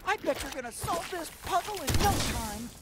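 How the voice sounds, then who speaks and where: A fretful little alien doctor in a game, his high voice swooping wildly with worry. The game audio carries a clear hiss of noise behind him. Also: lively intonation, brisk. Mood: grateful. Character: panicky small male alien doctor, anxious, fretful.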